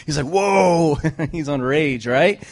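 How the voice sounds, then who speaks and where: A man preaching to a congregation, retelling a scripture story with lively joking asides. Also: medium pitch, normal speed.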